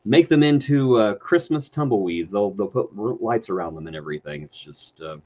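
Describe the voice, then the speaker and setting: A man with a Texan accent, a show co-host in casual chat, playful and quick to slip into silly voices. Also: on the low side, lively intonation, dark tone, highs cut off. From Texas. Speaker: podcast co-host.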